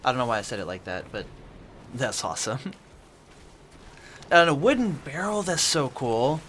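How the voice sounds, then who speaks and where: A man's voice: mid-range voice, very animated, normal speed, fairly bright tone, a little hiss or hum. A man streaming at home from his apartment, casually chatting with viewers and answering their chat messages aloud as he plays.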